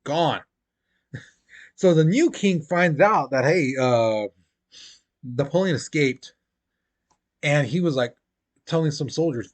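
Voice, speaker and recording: A man's voice: a little high, animated, slow pace, long pauses. Chatty man teaching history. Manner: chatty, acts out quotes in playful voices; many fillers like "you know" and "basically". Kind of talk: casual recorded lesson.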